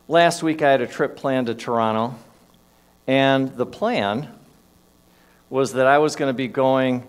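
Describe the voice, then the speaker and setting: A man giving a sermon in a church, telling a personal story in a conversational way with shifting emphasis. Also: mid-range voice. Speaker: minister. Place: church sanctuary.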